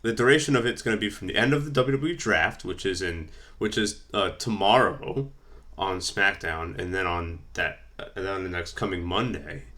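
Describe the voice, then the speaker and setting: Deep-voiced rambling man. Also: a bit bright. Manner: rambling, many fillers, reading from notes. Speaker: wrestling vlogger. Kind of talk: casual fantasy-booking commentary.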